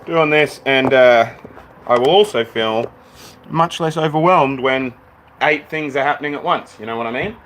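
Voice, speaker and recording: A man's voice: mid-range voice, normal speed, a bit bright, slight background noise. A young Australian man hosting a casual live reaction stream from home, laid-back and swearing freely.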